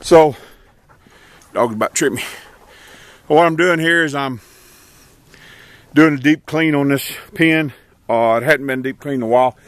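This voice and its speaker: A man's voice: medium pitch, a little slow, long pauses, dry recording. A man chats casually while cleaning an animal pen outdoors. His voice sits in a middle register and his talk is folksy and easygoing. Animals can be heard around him. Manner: folksy and rural, talks to his animals between explanations, calls dogs loudly. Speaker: homesteader filming his chores. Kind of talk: casual vlog narration while working.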